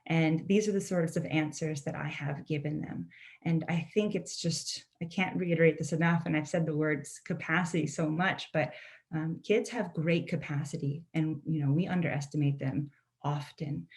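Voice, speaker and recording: Speaking over a video call, this young woman from a Mi'kmaq community in Canada presents earnestly and conversationally as a poet and author. She frequently tags on "right?" and "you know," her low voice carrying a darkish tone.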